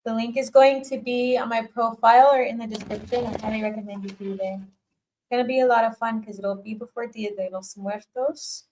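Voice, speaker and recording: A woman's voice: fairly high pitch, fairly quick, poor audio. Woman doing a chatty live tarot reading, laughs a lot, keeps saying keep going, drops the odd swear. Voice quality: animated, laughs often, warm encouraging repetitions. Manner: swears casually, talks straight to the viewer. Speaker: tarot reader.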